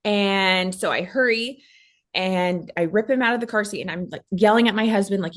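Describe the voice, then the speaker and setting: Woman from Texas, animated storyteller. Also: mid-range voice, moderate pace. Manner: animated, acts out quoted voices. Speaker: podcast guest. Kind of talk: casual storytelling.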